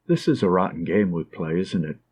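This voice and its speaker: A man's voice: low voice, big pitch swings, brisk, darkish tone, voice pushed down. A man reading Catherine, a fragile, lovesick young nurse. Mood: wistful.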